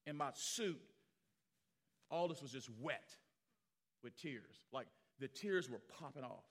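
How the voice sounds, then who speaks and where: A man preaching as pastor, telling stories animatedly and acting out the people he quotes, swinging from loud to hushed. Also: medium pitch, animated, slow pace. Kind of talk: sermon storytelling.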